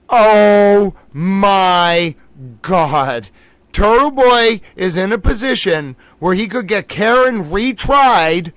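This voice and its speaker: A man with a high, bright voice hosts a live reaction stream, exclaiming and thinking out loud. He talks at an unhurried pace, and the sound is close and dry. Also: clean tone, no echo. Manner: exclaiming, thinking aloud, laughing. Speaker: livestream host. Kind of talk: excited live reaction commentary.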